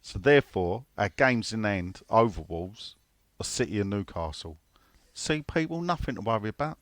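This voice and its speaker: A man's voice: on the low side, animated, normal speed, dry recording. A man co-hosting a casual football podcast, swearing freely and reading out listener questions. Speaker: podcast co-host.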